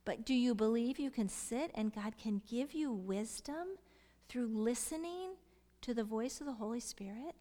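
Higher-voiced woman teaching in a reverberant hall. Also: lively intonation, moderate pace. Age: middle-aged. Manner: asks listeners questions and drops into soft whispers for emphasis. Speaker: Bible study teacher. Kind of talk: Bible teaching.

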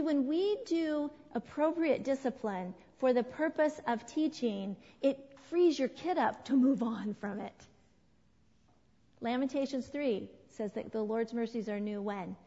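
A middle-aged woman leading a church parenting class. She talks in an animated way, asks the group questions and acts out what people said. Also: a little high. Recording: dull lo-fi sound with long hall reverb.

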